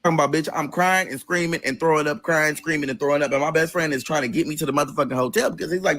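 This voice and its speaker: A man telling a story on his vlog, casual, animated and profane, acting out what people said. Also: fairly high pitch, racing, hardly any pauses. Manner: animated, profane, dramatic, acts out quotes. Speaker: storytime vlogger.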